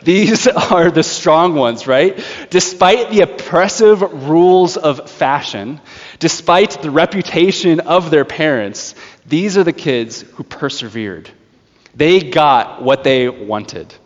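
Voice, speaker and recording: A man preaching a sermon, telling a story in a lively way with laughs and acted-out voices. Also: on the high side, slow. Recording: dull sound with long hall reverb.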